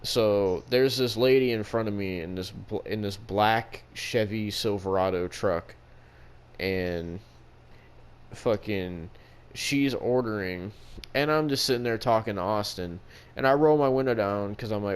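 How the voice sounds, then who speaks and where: A man's voice: fairly low pitch, unhurried, smooth. A man co-hosting a casual podcast, telling a rambling story full of profanity. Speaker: podcast co-host.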